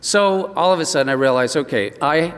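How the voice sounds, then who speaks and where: A man's voice: a little high, fairly quick, a bit bright, smooth. A man preaching a sermon as pastor, telling a personal story in an earnest way with frequent restarts. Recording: long reverb from a hall.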